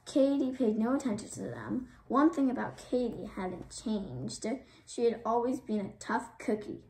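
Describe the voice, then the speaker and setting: Slow, measured woman reading a storybook. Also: fairly high pitch. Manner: steady, measured narration. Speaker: children's book reader. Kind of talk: storybook read-aloud. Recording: roomy, distant mic, faint noise.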